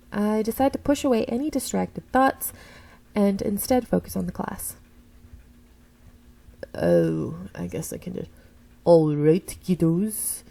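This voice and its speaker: A woman reading a visual novel aloud in the first person, expressive and stopping to correct her own slips. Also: mid-range voice, gravelly, poor audio. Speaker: game streamer reading a story game aloud.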